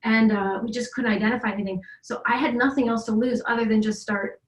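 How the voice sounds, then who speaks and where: A woman's voice: fairly high pitch, steady tone, fast. A middle-aged woman recounting a family story in casual conversation, rambling with many restarts. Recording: roomy echo.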